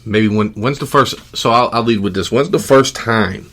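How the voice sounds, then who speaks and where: A middle-aged man hosting a podcast in casual chat, relaxed and rambling with lots of fillers. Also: fairly low pitch, normal speed. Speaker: podcast host.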